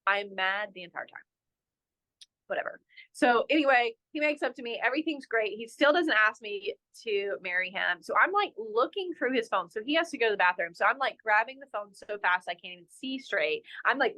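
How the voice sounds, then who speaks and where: Animated young woman telling a story. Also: mid-range voice. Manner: animated, self-mocking, heavy use of "like". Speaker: resort general manager, podcast guest. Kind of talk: casual interview storytelling.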